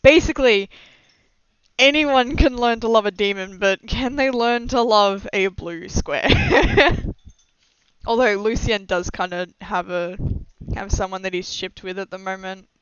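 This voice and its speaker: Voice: mid-range voice, normal speed, fairly bright tone, clear, resonant tone, dry recording. A young adult streamer chatting casually and rambling with frequent giggles and self-deprecating asides during a live stream. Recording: slightly dull lo-fi mic, dry.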